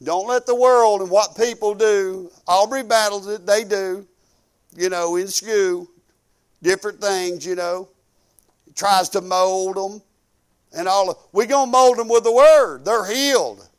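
An older man preaching with a drawl and a strikingly high voice. He hammers points through repetition and folksy, storytelling asides, acting out little quoted conversations as he goes. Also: a little slow, clear, resonant tone. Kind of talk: sermon.

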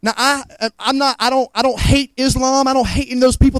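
A man's voice: very high-pitched, fairly even intonation, quick pace, hardly any pauses, a bit bright, dry recording, rough recording. A man with a Southern accent, preaching a fervent sermon as a guest preacher, often stumbling over repeated words and asking the congregation if they hear him. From Montgomery, Alabama. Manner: fervent, repeats words, asks the crowd to agree.

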